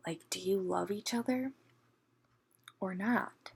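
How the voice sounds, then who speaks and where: A woman ranting in a casual book review, exasperated, often hushed to a half-whisper and peppering her talk with "like". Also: medium pitch, a little slow, creaky, pauses often, slightly rough.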